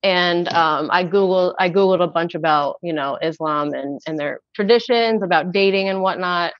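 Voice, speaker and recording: A woman's voice: on the low side, moderate pace, no echo, muffled recording. A woman calling in for dating advice, telling her story casually and acting out her own past remarks. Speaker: caller seeking dating advice. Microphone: phone call.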